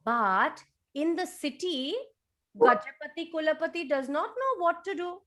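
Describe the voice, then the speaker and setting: A woman telling a story to toddlers over a video call, animated and sing-song. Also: high voice, unhurried. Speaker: children's storyteller.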